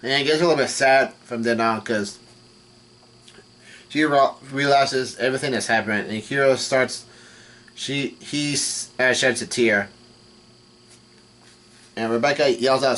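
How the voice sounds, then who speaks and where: Guy recapping a manga chapter, stops and restarts a lot, reads the lines out flat, normal pitch. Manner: halting, reads out dialogue in an even voice. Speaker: manga reaction host. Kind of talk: retelling a comic chapter.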